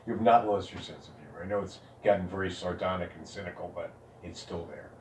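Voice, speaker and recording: A male therapist speaking calmly and reassuringly, offering steady support to his client. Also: low voice, fast, a little hiss or hum. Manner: calm, reassuring. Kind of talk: supportive counseling. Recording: roomy and distant with faint ambience.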